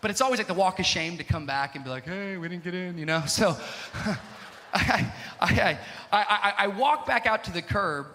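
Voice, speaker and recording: High, bright-voiced preacher man in a hall. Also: moderate pace, a little hiss or hum. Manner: animated, quotes others in put-on voices, builds to shouting. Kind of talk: storytelling sermon. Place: church auditorium. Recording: live hall with long reverb and crowd.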